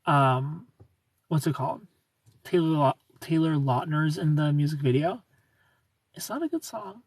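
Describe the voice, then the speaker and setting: A livestream host from Ohio reads viewer comments aloud in a soft, low-key manner, drifting into quiet asides. He sounds husky and unhurried, with no echo.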